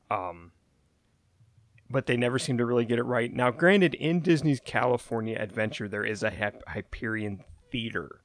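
A man's voice: on the low side, no echo. A man co-hosting a casual podcast, giving rambling, hedged explanations full of fillers. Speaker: podcast co-host. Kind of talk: casual conversational chat.

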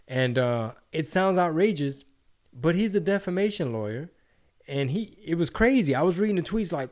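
Profane, animated man on a podcast. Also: on the high side, moderate pace. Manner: animated, mocking impressions, slangy. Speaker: podcast co-host. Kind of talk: casual profane chat.

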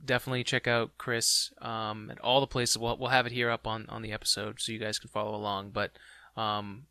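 A man's voice: fairly low pitch, flat delivery, a little fast, creaky, pushed and bright, clear, resonant tone, no echo. A man hosting a podcast, giving short affirming replies and wrapping up the interview. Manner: brief affirming responses. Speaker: podcast host. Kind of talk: casual interview chat.

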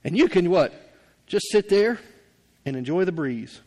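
A middle-aged pastor with a drawl delivers a sermon in a high, easy voice. He talks to the congregation like friends, folksy and conversational, with frequent laughs. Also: expressive, unhurried, darkish tone.

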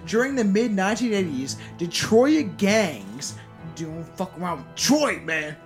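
High-voiced swearing podcast host. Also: male voice, big pitch swings, unhurried, faint music behind. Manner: profane, laughing storyteller reading out facts. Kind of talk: casual podcast chat.

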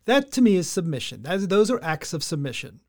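A man's voice: high-pitched, big pitch swings, fast, a little mellow. A man co-hosting a casual chat, blunt and swearing freely while he explains his view with everyday examples. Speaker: podcast co-host.

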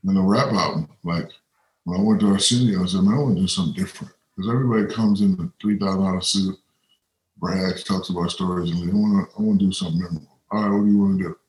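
A man's voice: sits low, steady tone, fast talker, a little mellow. A man as an interview guest, telling rambling stories and acting out other people's lines. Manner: rambling anecdotes with quoted voices. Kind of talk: casual storytelling. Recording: roomy echo.

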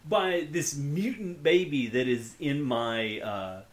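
A man's voice: fairly high pitch, slow. A man co-hosting a casual chat, adding wry quips and often laughing. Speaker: podcast co-host.

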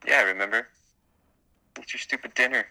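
A man co-hosting a casual podcast chat. He jokes, swears and slips into quick silly voices. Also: medium pitch, sharp tone, poor audio. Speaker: podcast co-host.

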